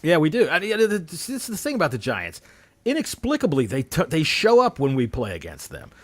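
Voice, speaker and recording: A man's voice: on the high side, a little fast, dry recording. A man hosting a casual sports podcast, joking around and riffing on mock ad copy. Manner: animated, jokey, reads mock ad copy. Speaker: podcast host.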